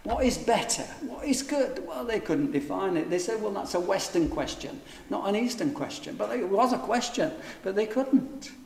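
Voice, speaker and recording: A man preaching a sermon, emphatic and full of rhetorical questions, stretching some words out slowly for stress. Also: high-pitched, animated, gravelly, a little hiss or hum. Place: church. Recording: echoey church hall with long reverb.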